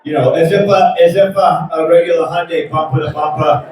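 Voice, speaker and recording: New comedian shouting his stories. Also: on the high side, a little fast, background noise. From New England. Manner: animated storytelling, shouting the punchlines in put-on voices. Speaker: stand-up comedian. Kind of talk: live stand-up set. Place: large theater stage. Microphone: recorded from far off in the audience. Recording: loud, echoey audience recording from far off. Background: audience laughter and chatter.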